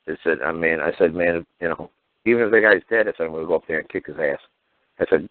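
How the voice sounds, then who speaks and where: A man's voice: low voice, fast talker, dry recording. A man hosting a call-in radio show, telling stories in a blunt, heated, profane way. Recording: phone-like narrow audio.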